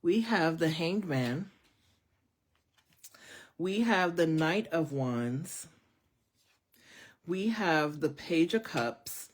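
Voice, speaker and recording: Woman tarot reader, live stream; low voice, very animated pitch, chatty. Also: very slow, long pauses. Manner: chatty, animated, lots of fillers, speaks to viewers as y'all. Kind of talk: casual live-stream reading.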